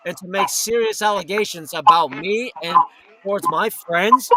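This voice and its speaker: A man's voice: sits high, animated, moderate pace, poor audio. A man hosting a live talk radio show, ranting angrily with heavy profanity. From New York or Florida. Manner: profane, heated, indignant. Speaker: host. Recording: loud background noise.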